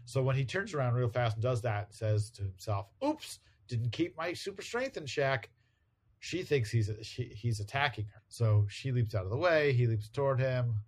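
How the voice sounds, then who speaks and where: A man's voice: medium pitch, normal speed, few pauses, a little mellow. A man co-hosting a chat show, casually retelling a comic book story and briefly voicing characters in quotes. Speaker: podcast co-host.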